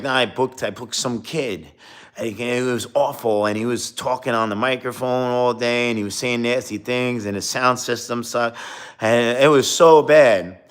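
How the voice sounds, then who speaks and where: A young man chats casually, spinning a long anecdote and slipping into quoted dialogue as he goes. His voice sits low and sounds clean and smooth. He leans on fillers and restarts as he talks. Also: a bit bright. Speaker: streamer. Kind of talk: casual storytelling.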